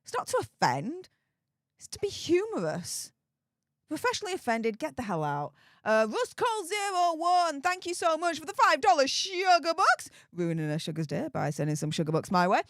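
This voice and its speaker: A British woman hosting a live stream, chatting casually, laughing often and reading out viewer comments in a frank, animated way. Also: sits high, normal speed, dry recording, studio quality. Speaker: livestream host reading viewer chat.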